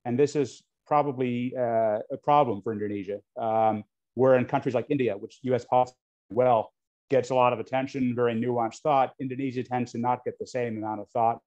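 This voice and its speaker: An American man from the United States gives an unscripted talk as a guest speaker on US-Indonesia relations. His mid-range voice is a little mellow, with fairly even intonation and a fairly quick pace. He speaks frankly with many ums and restarts, captured on dull lo-fi audio.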